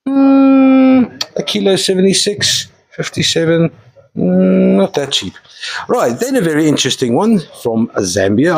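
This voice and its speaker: A man hosts a live mineral and fossil sale, chatting casually and enthusiastically and tossing in jokey asides. His mid-range voice has a breathy edge, and the audio quality is poor.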